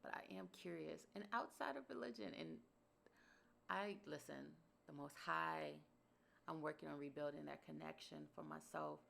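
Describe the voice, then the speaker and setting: A woman's voice: deep voice, flat delivery, normal speed, gravelly, fairly bright tone, a little hiss or hum. A woman hosting a podcast, talking through a personal reflection in an earnest, emphatic way and repeating phrases for stress. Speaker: podcast host.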